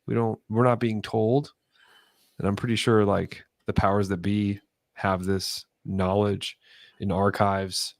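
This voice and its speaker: A man's voice: on the low side, flat delivery, unhurried, no room sound, clean studio sound. A man co-hosting a casual late-night podcast, talking hesitantly with lots of filler words. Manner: hesitant, many fillers like 'like' and 'um'. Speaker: podcast co-host.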